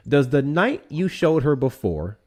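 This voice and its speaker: A man hosting a live debate, arguing his point with long hypotheticals and slowing down on key words. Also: a little high, big pitch swings, a little mellow. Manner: argumentative, builds hypotheticals, drawls key words slowly. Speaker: debate show host.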